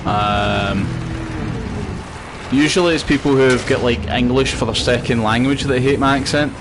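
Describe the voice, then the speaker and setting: A Scottish man chats loosely while streaming a video game, rambling with plenty of fillers in casual gameplay commentary. His voice is medium-pitched and unhurried, with background noise present.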